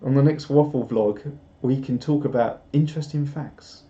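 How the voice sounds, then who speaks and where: A man's voice: mid-range voice, moderate pace, dark tone. Rambling young Englishman chatting on a stream. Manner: rambling and self-deprecating, with chuckles. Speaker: live stream host. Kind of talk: casual chat reading out viewer comments. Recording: roomy, slightly dull home stream audio.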